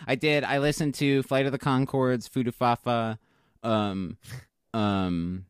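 A man's voice: medium pitch, fairly even intonation, takes it slowly, clean tone, no echo. A man hosting a casual comedy podcast, chatting and laughing often. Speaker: podcast host. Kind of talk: casual chat.

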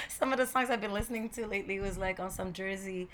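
Casting: Montreal woman, Quebecois franglais accent, easygoing slangy podcast guest, average pitch. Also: brisk, bright, forceful tone, a little hiss or hum. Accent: Quebec French-English mix. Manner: slangy, laughing, bilingual code-switching. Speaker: guest musician. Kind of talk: casual podcast interview.

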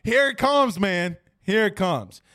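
High-voiced, animated sports podcast host. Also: male voice, slow. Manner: animated, jokey, talks straight to listeners. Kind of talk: casual sports talk.

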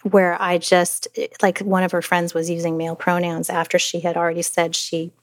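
A middle-aged woman recounts a family story in an interview, her voice sitting on the lower side. She speaks haltingly, restarting phrases and filling gaps. The sound is dry and close. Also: monotone, no echo. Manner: halting, many restarts and fillers. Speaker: mother telling her story. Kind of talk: personal interview account.

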